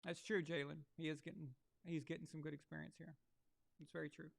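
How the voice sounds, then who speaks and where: A man hosting a live sports watch-along, with a slightly raised pitch and a gravelly, fry-edged tone. He talks loosely and crudely, tossing off sarcastic jokes between plays. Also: level tone, a little fast. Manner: crude, sarcastic, joking asides. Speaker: live sports show host.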